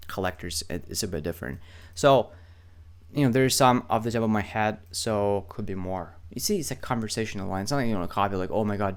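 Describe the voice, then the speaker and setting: A young man teaching email marketing in a loose, conversational tutorial, swearing freely and checking in with "right?" all the time. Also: on the low side. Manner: loose, profane, conversational, keeps asking "right?". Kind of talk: casual screen-share tutorial.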